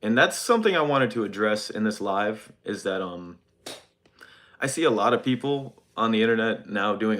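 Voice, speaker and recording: A young man with a lowish voice streams live from his phone, hesitantly stumbling through a mock-sincere, deadpan apology as he reads chat.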